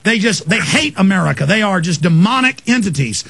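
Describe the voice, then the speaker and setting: A man's voice: sits high, animated, fairly quick, vocal fry, a bit bright, dry recording. A man hosting talk radio, ranting in a fiery torrent of accusations. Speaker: radio host.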